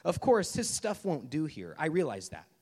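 A man's voice: a little high, huge pitch swings, normal speed, dark tone, breathy edge, long reverb tail, full character voice. A man voicing a fretful male ghost who pleads and makes excuses during a story reading. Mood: apologetic. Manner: flustered, pleading, making excuses.

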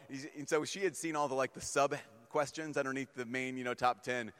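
A male priest giving a humorous, lively sermon to a young crowd and acting out little stories as he goes. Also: medium pitch, fairly quick. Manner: humorous, animated, acts out stories. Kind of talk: sermon to a youth gathering. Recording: long reverb in a large hall.

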